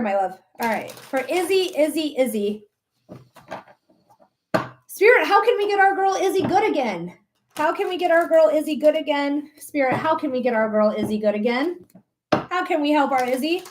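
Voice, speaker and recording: A woman in her thirties with a high voice gives a live tarot reading to her viewers. She talks in a chatty, animated way, laughs often and swears casually. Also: slight background noise. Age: 30s. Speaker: tarot reader.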